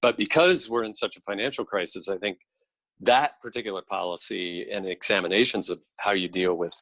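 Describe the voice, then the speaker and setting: A middle-aged man speaking as a podcast guest and policy expert, explaining in a measured way. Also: on the low side, fairly bright tone, no echo, rough recording. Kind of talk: podcast interview.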